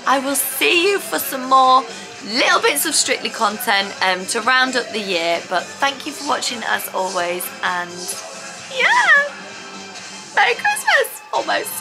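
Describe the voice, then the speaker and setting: A woman gushing and squealing excitedly as she reacts to a dance show on TV. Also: fairly high pitch, normal speed, low-quality recording. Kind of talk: watch-along reaction chat. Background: TV show with music playing.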